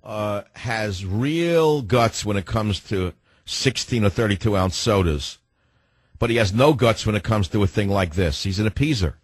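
A man's voice: on the low side, expressive, moderate pace, breathy edge, dry recording. A man hosting a talk radio show, sarcastic and wisecracking, from New York. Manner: sardonic, wisecracking.

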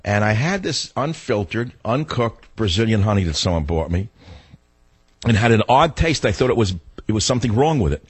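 Very animated and speaking at a normal pace, this male radio host rants combatively, his sick, rough voice leaping high when something riles him. There's no room sound in the recording.

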